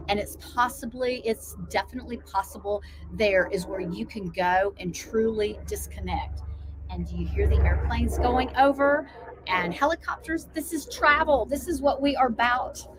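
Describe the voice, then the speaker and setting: A woman's voice: mid-range voice, a little hiss or hum. A woman with a Southern American accent speaks as a wellness coach and travel host. She talks earnestly and encouragingly, in a casual vlog manner with many fillers. She records outdoors, with aircraft passing overhead. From United States, Blue Ridge foothills. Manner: earnest, motivational, with frequent fillers. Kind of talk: casual talking-head vlog.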